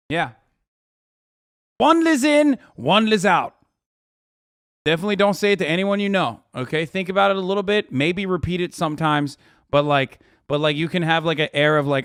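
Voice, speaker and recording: Profane, ranting man with a higher voice. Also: a little fast, a bit bright, clean tone, dry recording, studio quality. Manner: heated, profane, sarcastic ranting; jokey, trailing off into mumbles. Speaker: streamer. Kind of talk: livestream reacting to chat.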